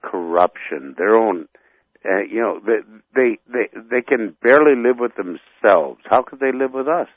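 A man's voice: lowish voice, animated, moderate pace, no echo. A man from North Dakota calling in to a radio show, ranting with heat and groping for his words. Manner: rambling, heated, searching for words. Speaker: radio caller. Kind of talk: phone-in rant. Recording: tinny phone line.

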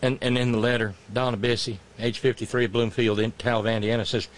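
A man's voice: mid-range voice, flat delivery, brisk. A man hosting a talk show, giving sarcastic, mocking political commentary with profane asides.

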